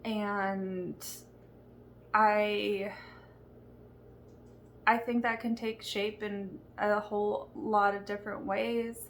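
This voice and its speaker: A young woman speaks to her viewers about faith in a slow, unhurried way. Her tone is earnest and conversational, at a middle pitch. A faint hum of the room sits under her voice. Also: little pitch movement. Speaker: Christian vlogger. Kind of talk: faith-based personal talk to camera.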